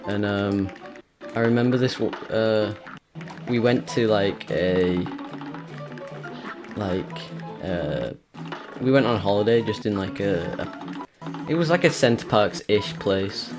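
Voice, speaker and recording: A British man rambling through a personal story while playing a video game, with many fillers and restarts. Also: fairly low pitch. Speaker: let's play gamer. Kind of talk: casual gameplay chat and storytelling. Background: game music.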